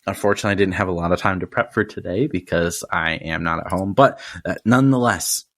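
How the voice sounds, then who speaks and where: A man hosting a laid-back podcast from a hotel room, his voice a touch low. He rambles and chuckles, restarting words as he goes. The sound is close and dry, with no room around it. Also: quick pace, a bit bright, no echo. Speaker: podcast host. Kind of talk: casual podcast chat.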